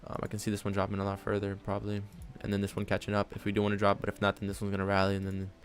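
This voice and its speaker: Low, gravelly-voiced male trading streamer. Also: monotone, rapid-fire. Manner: rambling, thinks aloud, drops "honestly" and "man". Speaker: day-trading live streamer. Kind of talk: casual live-stream commentary. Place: at home at his trading desk with his dog on his lap.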